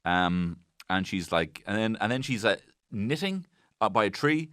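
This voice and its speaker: A man hosts a comedy podcast and talks through an episode in a rambling, sweary, jokey way. His voice is bright and swings widely in pitch. The studio sound is close and dry. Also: big pitch swings, measured pace, clear, resonant tone, no echo. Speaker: podcast host.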